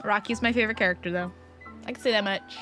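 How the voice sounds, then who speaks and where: A woman's voice: mid-range voice, steady tone, fast, sharp tone, faint music behind. A woman streamer chatting casually to her chat while she plays, rambling and restarting her sentences.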